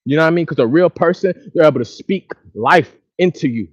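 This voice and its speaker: A man's voice: a little high, fairly quick, breathy edge, no room sound, dull audio. A man from Dallas, venting in a casual outdoor monologue, repetitive and frustrated. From Dallas, Texas. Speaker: vlogger. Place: outdoors by a lake or river.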